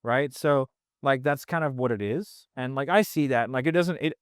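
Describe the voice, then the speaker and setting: At a normal speed, a sales trainer with a clear, resonant, mid-range voice talks as a guest on a casual podcast. The studio sound is clean with no room sound, and his speech is rambling, blunt, and profane, thick with fillers and "like."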